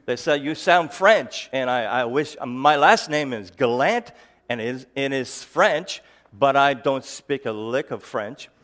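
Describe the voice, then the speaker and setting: Man with halting, slightly slurred speech. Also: medium pitch, fairly bright tone. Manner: hesitant, with frequent restarts and fillers; jokey storytelling. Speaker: ministry founder giving a talk. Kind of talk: personal talk to a live audience.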